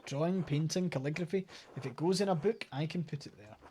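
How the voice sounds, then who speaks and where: A man's voice: a little high, brisk, dark tone, a little hiss or hum, lightly acted. A Scottish man reading the lines of an earnest young male artist in a friendly, encouraging tone.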